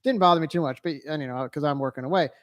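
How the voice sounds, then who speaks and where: Wry man telling a relaxed story. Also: a little high, very fast, no room sound, studio quality. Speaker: podcast co-host. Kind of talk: casual chat.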